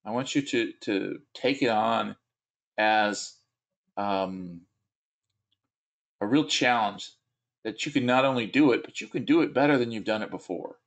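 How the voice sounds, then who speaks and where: A man's voice: on the low side, fairly bright tone. A male instructor giving a recorded course lecture, talking in a conversational, encouraging way with frequent fillers and restarts.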